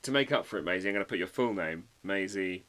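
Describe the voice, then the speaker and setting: A man hosting a casual livestream, chatting with viewers and reading their comments while he draws, often muttering quiet asides. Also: low-pitched, fast talker. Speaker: livestream host drawing a card. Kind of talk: casual live-stream chat.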